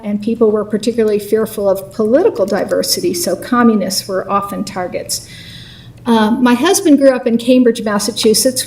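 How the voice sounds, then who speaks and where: A woman's voice: fairly high pitch, darkish tone, recorded from a distance, slight background noise, rough recording. A woman giving a prepared public comment, earnestly advocating a voting reform.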